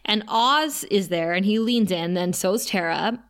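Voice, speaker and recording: A woman recaps a TV episode in loose, casual podcast chat, talking in an animated way and breaking into laughter often. Her voice sits in a middle register. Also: mid-range voice, a little slow, clear, resonant tone. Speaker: podcast co-host.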